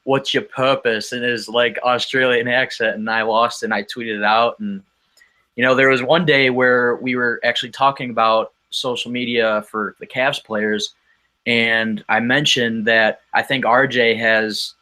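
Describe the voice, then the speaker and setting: A man's voice: medium pitch, steady tone, a little slow, sharp tone. A man talking as a guest on a podcast, telling a casual story in a rambling way with frequent ums and restarts.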